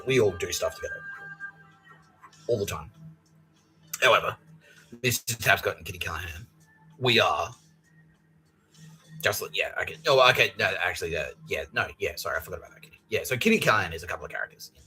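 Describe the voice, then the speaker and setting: A man's voice: on the low side, fairly bright tone, poor audio. A man hosting a podcast in a rambling, profane comic monologue full of fillers. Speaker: podcast host.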